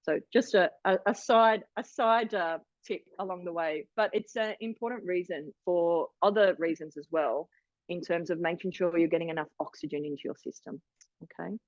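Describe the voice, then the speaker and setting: Over a video call, a woman in her forties runs an online wellness workshop at a moderate pace, her voice on the low side. She chats warmly and encourages people, frequently starting her sentences over. The recording is dry and muffled.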